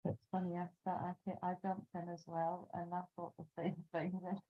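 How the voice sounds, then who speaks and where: A woman's voice: lowish voice, monotone, brisk, breathy edge. A woman reassuring another participant in a group call, rambling a little. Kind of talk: casual sharing. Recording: tinny phone-like line.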